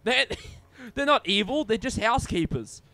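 A young man streaming a game, joking, swearing and shouting excitedly as he plays. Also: very high-pitched, moderate pace, gravelly. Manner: loud, excitable, swears a lot, jokey. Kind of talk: gaming commentary.

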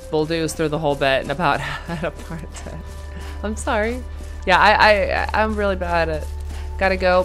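A woman's voice: fairly low pitch, normal speed, fairly bright tone. A young woman giving casual commentary while playing a video game, reading game text aloud and chatting to herself. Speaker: gaming streamer. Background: game music.

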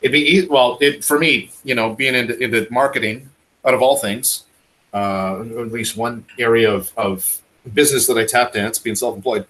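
A man's voice: medium pitch, steady tone, normal speed, a bit bright, rough recording. A man from Canada ranting with passion in a casual podcast chat over a video call. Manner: impassioned, ranting. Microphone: video call mic.

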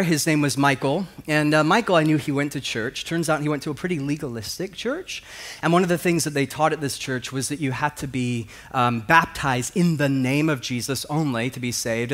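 Animated male pastor telling a story. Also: a little high. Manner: animated storyteller acting out voices. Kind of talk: sermon storytelling.

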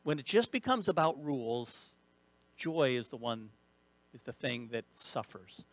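Animated preaching man, dry sound. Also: mid-range voice, unhurried, dry recording. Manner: animated preaching with rising bursts of emphasis; repeats key phrases for emphasis. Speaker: pastor. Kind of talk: sermon. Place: church sanctuary.

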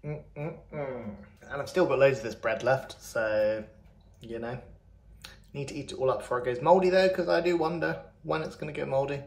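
A vlogger with a medium-pitched voice and vocal fry talks briskly with fairly even intonation. He chats cheerfully through a cooking vlog, upbeat and poking fun at himself.

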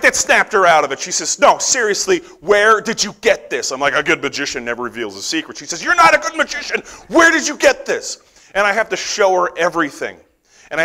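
A middle-aged American man telling a story during a conference talk, acting out the dialogue with lively, animated delivery. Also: a little high. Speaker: conference speaker.

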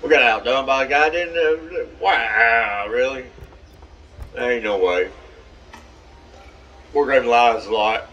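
Brief: male game commentator, loud and profane, heard from a distance with game noise behind. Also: mid-range voice, slow, pauses often, muffled recording. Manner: excitable, profane, trash-talking. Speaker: gameplay commentator. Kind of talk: live gameplay commentary.

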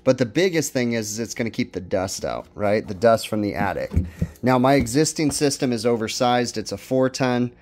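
A man hosting a casual DIY vlog, explaining his HVAC work step by step in a relaxed way with plenty of ums and uhs. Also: medium pitch, normal speed. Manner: relaxed, explanatory, many fillers like um and uh. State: out of breath. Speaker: HVAC technician and channel host.

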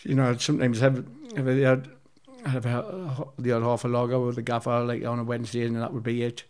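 A man in his fifties sits as an interview guest and tells loose, rambling stories. He swears freely and often stops to restart a thought. His pitch is mid-range. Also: fairly even intonation, fairly quick, a little mellow, smooth. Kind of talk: casual anecdotal storytelling.

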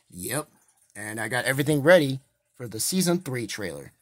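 A man's voice: mid-range voice, sing-song, normal speed, a bit bright. A man voicing a cheerful male mayor toy in a fan toy play, casual and upbeat as he announces news.

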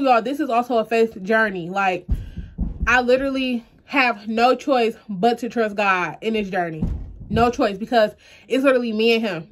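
A young woman vlogging to camera, earnest and close to tears, talking straight to her viewers. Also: fairly high pitch. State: close to tears, eyes puffy. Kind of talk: emotional personal vlog to camera.

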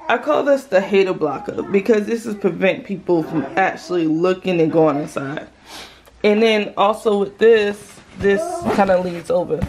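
In a casual demo vlog, a young mom demonstrates a stroller at home, chatting and explaining hands-on. Her mid-range voice is a little mellow, with slight background noise.

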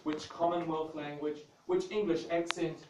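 A man's voice: fairly high pitch, little pitch movement, highs cut off. Man guiding a tour in an echoey hall. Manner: explains with pauses, fillers and emphatic stresses. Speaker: museum guide. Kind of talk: guided tour explanation. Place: large indoor exhibition hall. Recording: echoey hall, far from mic, noisy.

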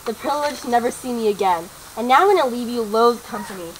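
A woman's voice: on the high side, animated, quick pace, slight background noise, natural voice, low-quality recording. A woman playing a desperate, pleading young witch searching for her love. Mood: distraught. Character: young witch, distraught lover.

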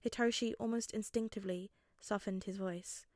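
A woman reading fanfiction aloud as narration, in a gentle, measured way. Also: mid-range voice, steady tone, no echo, clean studio sound. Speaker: podfic reader.

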